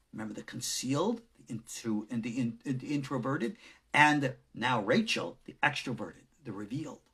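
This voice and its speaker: Dramatic, husky-voiced male rabbi lecturing. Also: fairly high pitch. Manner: dramatic, swings from loud emphasis to hushed whispers. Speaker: rabbi teaching Kabbalah. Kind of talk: recorded lecture.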